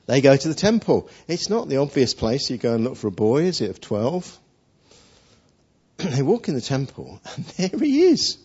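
A man's voice: medium pitch, sing-song, measured pace, a little mellow, slightly rough. A male preacher giving a sermon, telling a story in a chatty way full of rhetorical questions. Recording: dull lo-fi sound.

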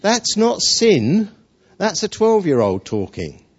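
A man's voice: high-pitched, wildly swooping pitch, slow pace, breathy edge. A male preacher giving a sermon, telling a story in a chatty way full of rhetorical questions. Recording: dull lo-fi sound.

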